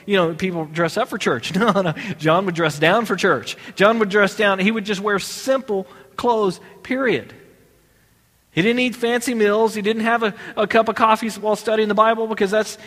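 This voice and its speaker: High-voiced man teaching a Bible class. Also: fairly bright tone, big-room sound. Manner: conversational, asks the audience questions, many restarts.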